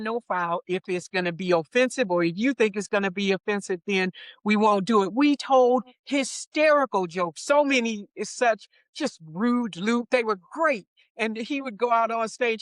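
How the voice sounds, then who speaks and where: A middle-aged woman guest in an interview, telling stories about her career with a lively manner. She laughs easily and acts out what others said. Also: medium pitch, normal speed, no echo. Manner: lively anecdotes, acts out quoted voices. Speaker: interview guest, wardrobe supervisor. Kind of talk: casual storytelling interview.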